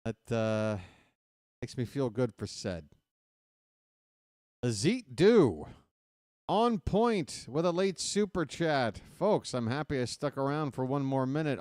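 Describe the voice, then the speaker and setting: A man's voice: on the high side, darkish tone, no room sound, studio quality. A man hosting a baseball play-by-play livestream, chatting casually with viewers after the game and calling them folks. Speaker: play-by-play host.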